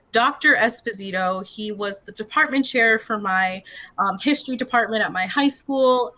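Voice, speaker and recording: A woman's voice: mid-range voice, pushed and bright. A young woman from Illinois, a student co-hosting an awards ceremony over a video call in an upbeat, playful way. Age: young adult. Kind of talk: casual hosting chat.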